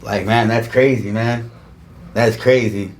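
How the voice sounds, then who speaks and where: A man in his thirties, a patient speaking casually with his doctor, loose and relaxed, saying "man" a lot. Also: on the low side, measured pace. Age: 30s.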